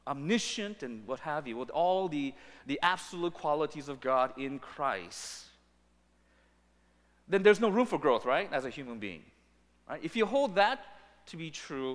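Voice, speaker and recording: Animated male preacher in a reverberant church. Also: a little high. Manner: animated preaching, acting out quoted lines with rising intensity. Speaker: pastor. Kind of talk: sermon. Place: church sanctuary. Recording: long reverb of a church sanctuary.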